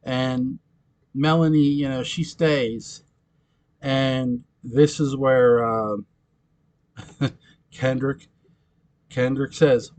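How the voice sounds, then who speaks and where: A man's voice: medium pitch, very slow, pauses often, darkish tone. A man recapping a TV episode in casual chat, rambling and giggling often, correcting himself as he goes. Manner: giggly, rambling, frequent laughter and self-corrections. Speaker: fan commentator recapping episodes.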